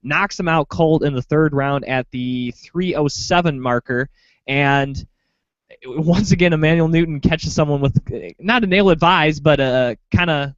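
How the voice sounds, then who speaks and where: A man's voice: fairly high pitch, unhurried, no room sound. Chatty man breaking down fights. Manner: rambling, animated fight breakdown with fillers. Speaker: podcast co-host. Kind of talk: casual sports podcast chat. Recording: dull lo-fi dry sound.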